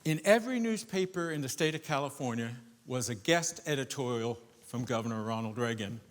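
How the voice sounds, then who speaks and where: An older man performing a solo stage monologue, animated, going from loud emphasis to hushed asides. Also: mid-range voice, a little fast. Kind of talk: theatrical storytelling monologue. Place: theater stage before a live audience. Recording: echoey theater with long reverb.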